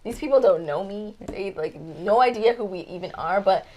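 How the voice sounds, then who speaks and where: A woman's voice: medium pitch, lively intonation, moderate pace, darkish tone, rough recording. A woman guest musician in casual chat, telling stories with lots of fillers in a studio lounge. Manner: chatty storyteller, many fillers like "like" and "um".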